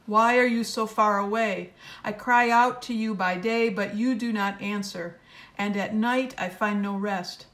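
A woman with a mid-range pitch for a female voice reads scripture in a solemn, measured liturgical style. Her delivery remains steady and unhurried throughout the liturgical reading.

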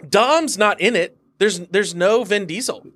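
A man co-hosting a casual podcast chat, excitable and quick to laugh. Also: high-pitched. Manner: excitable, exclaims and laughs a lot. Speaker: podcast co-host.

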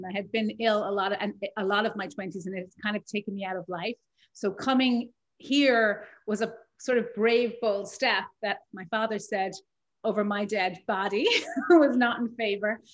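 A woman with a faint Irish accent, a life coach, talking warmly and laughing often as an interview guest. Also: medium pitch, moderate pace, poor audio. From Ireland. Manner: warm, chatty, laughs often. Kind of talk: conversational interview.

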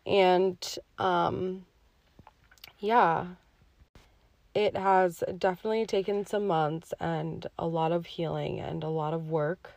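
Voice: medium pitch, level tone, slow, creaky, a little mellow, no room sound, lo-fi sound. A podcast host speaking in a heartfelt, emotional personal monologue, with many fillers along the way.

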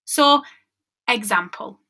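A woman's voice: a little high, lively intonation, takes it slowly, pushed and bright. A woman, hosting a casual solo podcast as a mindset coach, chatty and conversational and checking in with her listeners as she goes.

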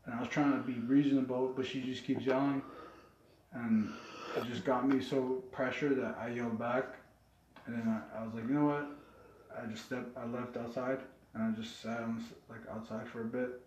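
A man's voice: mid-range voice, flat delivery, moderate pace, darkish tone, slight background noise. A young man telling a personal story in casual chat, earnest and rambling with many fillers. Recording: echoey room, dull lo-fi sound.

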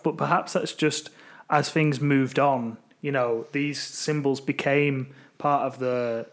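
A man from Britain co-hosting a podcast, talking things over in a thoughtful, casual way. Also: medium pitch. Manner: thoughtful, musing, with fillers. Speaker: podcast co-host. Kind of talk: casual chat.

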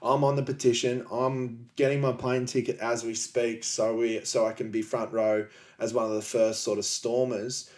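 A man's voice: mid-range voice, flat delivery, moderate pace, few pauses, a little mellow. A man co-hosting a casual podcast chat, enthusiastic and playfully sarcastic. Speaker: podcast co-host.

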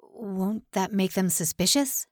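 A woman's voice: medium pitch, slow, no echo, clean studio sound. A woman narrator voicing a shaken young male officer who speaks in a strained, tearful, accusing way. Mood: tense.

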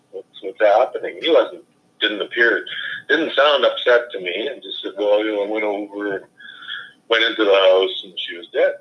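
Middle-aged dad telling his story, low subdued voice, matter-of-fact, kinda lo-fi audio. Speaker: bereaved father. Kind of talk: personal account to an interviewer. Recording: dull lo-fi recording.

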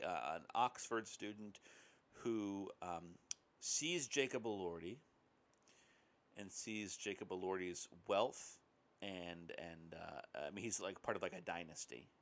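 A man's voice: fairly low pitch, a bit bright. A man co-hosting a podcast, chatting casually about movies and hesitating often with ums and uhs. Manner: rambling, hesitant with many ums. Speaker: podcast co-host. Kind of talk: casual film discussion.

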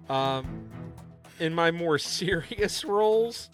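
A man co-hosting a casual podcast chat about voice acting, rambling with halting restarts. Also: mid-range voice, fairly bright tone, faint music behind. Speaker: co-host and voice actor.

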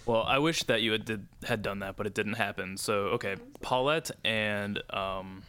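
A man's voice: fairly low pitch, normal speed, bright, forceful tone, clear, resonant tone. A man narrating as dungeon master of a tabletop game, laid-back and chuckling.

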